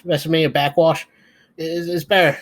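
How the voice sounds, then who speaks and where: A man's voice: on the high side, little pitch movement, normal speed, fairly bright tone, a little hiss or hum. A man co-hosting a podcast, giving a sleepy, profane, rambling recap of a wrestling show. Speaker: podcast co-host. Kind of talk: casual wrestling recap chat.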